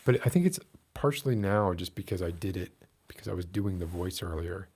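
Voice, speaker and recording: Man with a low husky voice. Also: expressive, a little fast, darkish tone. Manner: rants with mock outrage, voice rising when worked up. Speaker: streamer. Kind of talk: casual chat with a live audience.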